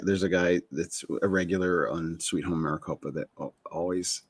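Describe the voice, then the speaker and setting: Deep-voiced rambling man host. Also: fairly even intonation, normal speed, husky, no echo. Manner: rambling, self-interrupting, laughs at himself. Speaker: show host. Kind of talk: casual chat.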